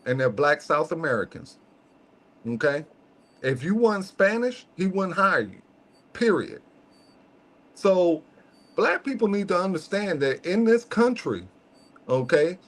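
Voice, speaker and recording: Male host with a high voice, casual and slangy, emphatic, fond of rhetorical check-ins. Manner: emphatic, peppers points with "okay?"; slangy, conversational. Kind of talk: casual podcast chat.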